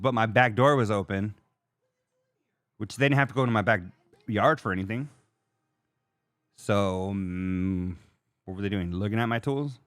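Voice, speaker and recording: A man's voice: lowish voice, clean tone, no room sound. A man hosting a podcast from a hotel room, telling a story casually with swearing, laughter and exasperation. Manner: profane, exasperated, laughing retelling. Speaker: podcast host.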